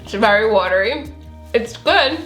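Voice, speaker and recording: A woman's voice: a little high, animated, unhurried, fairly bright tone, reverberant, faint music behind. A woman with a slight Southern accent chatting casually through a recipe demo, full of fillers and little laughs. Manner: chatty, filler-heavy, giggly. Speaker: recipe vlogger.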